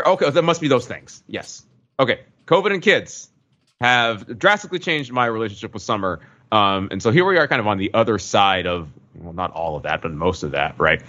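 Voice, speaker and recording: A man's voice: on the low side, a bit bright. Wry, chatty man on a dull mic. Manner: chatty, wry, many fillers. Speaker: podcast co-host. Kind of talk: casual chat.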